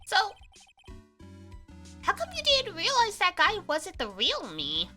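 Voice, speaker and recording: A woman's voice: very high voice, wildly swooping pitch, slow pace, bright, forceful tone, faint music behind, voice pushed up, heavily acted. A woman reading the lines of a dry, sarcastic young male defense lawyer from a video game aloud. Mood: incredulous.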